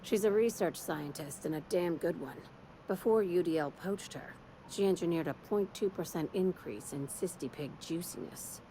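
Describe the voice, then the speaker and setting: A woman's voice: on the low side, normal speed, warm tone, a little hiss or hum, close to an everyday voice. A woman voicing a cynical corporate woman who hires an assassin in a video game, blunt and sardonic. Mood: cold.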